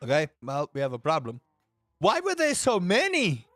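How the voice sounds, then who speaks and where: Excitable, foul-mouthed gaming man. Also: fairly high pitch, normal speed, dry recording, clean studio sound. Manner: excitable, swears freely, rambling asides. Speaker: gaming streamer. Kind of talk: casual let's-play commentary.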